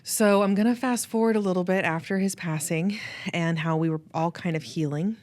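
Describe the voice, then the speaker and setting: A woman host telling a heartfelt personal story, emotional, laughing often and quoting people in lively voices. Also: lowish voice, brisk, dry recording. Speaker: podcast host.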